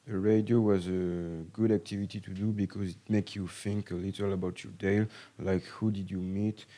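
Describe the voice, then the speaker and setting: Young male student, calm read, very low flat voice. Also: moderate pace. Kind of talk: reading a prepared statement.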